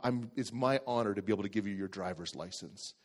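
A man voicing a formal driving examiner who speaks low and quietly. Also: fast, lightly acted. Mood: solemn.

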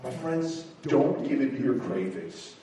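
A man preaching a sermon as a pastor, telling personal stories with emphatic, animated rises. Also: mid-range voice, a little slow, slight background noise. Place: church sanctuary. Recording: echoey hall from far off.

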